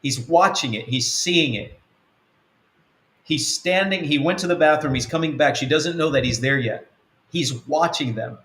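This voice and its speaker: A man's voice: a little high, normal speed, a bit bright, echoey room. A man, an apostle of a web church, teaching earnestly through a numbered list of points, often restarting his sentences. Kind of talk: teaching talk answering a question.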